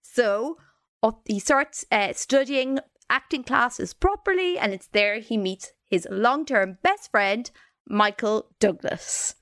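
Higher-pitched woman telling a story. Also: lively intonation, slow pace, fairly bright tone, dry recording, clean studio sound. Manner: recounts a story with hesitant fillers and asides. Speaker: podcast co-host. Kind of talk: casual storytelling chat.

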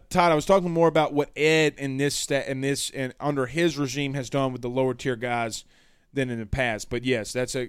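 A man hosting a sports show in casual chat, reading out viewer comments in a blunt, animated way with some trash talk. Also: a little high, clean tone, dry recording, clean studio sound.

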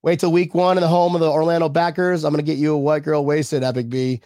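A man's voice: fairly high pitch, little pitch movement, fast, dark tone, slight background noise. A man co-hosting a casual sports chat show, joking and laughing often as he reads viewer comments. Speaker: podcast co-host.

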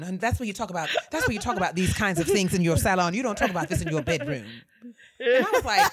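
A woman's voice: on the high side, fast, a crowd in the background. A woman co-hosting a podcast in casual chat, telling stories expressively with playful impressions. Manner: expressive storyteller, does playful character voices. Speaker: podcast co-host.

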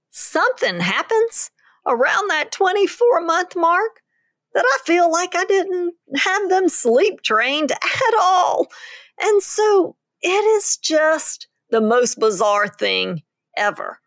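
A high-pitched woman co-hosts a parenting podcast in a slow, unhurried way. She is enthusiastic and slips in laughing asides. The sound is dry and close. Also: sing-song, fairly bright tone, no room sound. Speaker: podcast co-host. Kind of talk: casual advice podcast.

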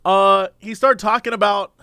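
A young man co-hosting a podcast in casual chat, an animated storyteller who slips into quoted voices. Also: high-pitched, moderate pace, smooth, no echo, clean studio sound. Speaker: podcast co-host. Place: Los Angeles area.

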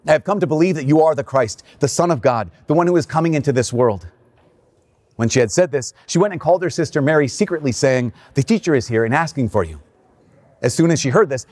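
A man's voice, a touch higher than most, preaching in church. He reads scripture deliberately and then shifts into an easygoing, conversational homily full of fillers and asides. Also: darkish tone. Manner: reads scripture slowly, then talks casually with fillers and laughs. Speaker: priest. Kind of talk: gospel reading and homily.

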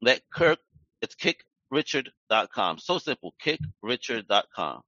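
A man hosts a podcast with a forceful, bright voice, hyped up and slangy, cursing casually as he talks up his guest. The sound is dry and close, with dull, muffled lo-fi quality. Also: mid-range voice, sing-song, measured pace, no room sound. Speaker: podcast host. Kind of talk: casual interview chat.

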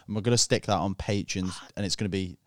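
British man, podcast guest, low voice, low-key hesitant chat, smooth and dry. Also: fairly even intonation, fast talker, dry recording. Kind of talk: casual chat.

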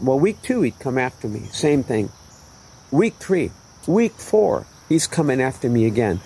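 A man's voice: mid-range voice, sing-song, moderate pace, dark tone, slightly rough, low-quality recording. An older man earnestly telling his personal faith testimony in an emotional storytelling way. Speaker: testimony speaker.

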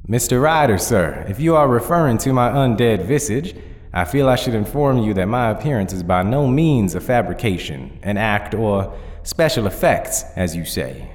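A man's voice: on the low side, sing-song, moderate pace, long reverb tail, voice pushed up. A man playing a courteous zombie cowboy singer. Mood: polite. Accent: Southern US. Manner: courteous, formal drawl. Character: undead male zombie country singer, polite.

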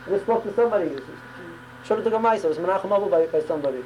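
A woman's voice: mid-range voice, racing, mellow, highs cut off, a little hiss or hum. Emphatic woman teaching a Torah class. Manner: emphatic, repeats words and restarts phrases often. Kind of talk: religious class on prayer.

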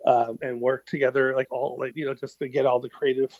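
A man's voice: medium pitch, flat delivery, a little fast, no echo. Rambling middle-aged man, swearing casually. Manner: rambling, heavy on fillers and swearing. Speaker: musician guest. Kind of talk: casual interview storytelling. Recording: dull lo-fi sound.

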